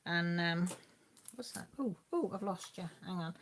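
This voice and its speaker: Chatty woman with a lowish voice. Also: a little slow. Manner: rambling, chatty storytelling with frequent fillers; laughs and does playful voices for family members. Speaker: channel host. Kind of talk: live-stream casual chat.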